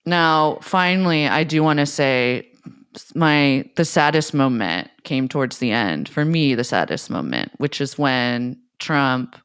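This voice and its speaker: A woman co-hosting a podcast, chatting casually in a sarcastic, profane, deadpan way. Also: very deep voice, unhurried, clean tone. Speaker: podcast co-host. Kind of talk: casual political chat.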